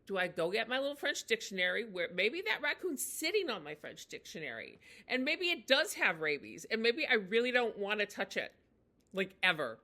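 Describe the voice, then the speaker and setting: A woman teaching in a chatty, unscripted way, with many fillers and restarts, slowing down to model phrases. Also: a little high, huge pitch swings, sharp tone. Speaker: language teacher. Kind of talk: casual spoken lesson.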